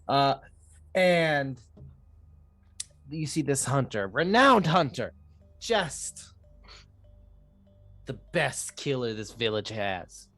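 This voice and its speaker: Animated, unhurried tabletop game master. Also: medium pitch, no room sound, soft background music. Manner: animated storytelling, laughs often.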